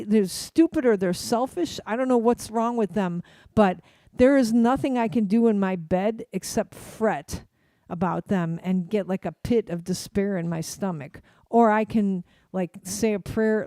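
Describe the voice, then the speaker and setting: A woman in her fifties co-hosting a casual political chat, talking in halting, restarting phrases and swearing when heated. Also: medium pitch, mellow, no room sound. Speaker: podcast co-host.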